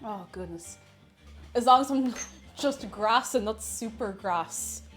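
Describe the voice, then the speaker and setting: An Irish woman streaming while she bakes. She chats casually in her home kitchen, reads out viewers' messages and greets each one excitedly. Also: on the high side, slow pace, soft background music. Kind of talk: casual livestream chat while baking.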